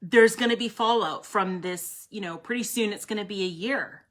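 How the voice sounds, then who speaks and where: A woman's voice: medium pitch, moderate pace. Blunt, foul-mouthed woman reading tarot live. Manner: blunt, profane, emphatic; chatty, addresses viewers by name. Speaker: tarot card reader.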